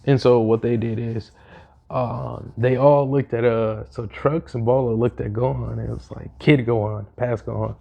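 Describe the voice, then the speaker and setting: A young man casually retelling a fan story, rambling fast with slang and fillers. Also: medium pitch, little pitch movement, creaky, lo-fi sound.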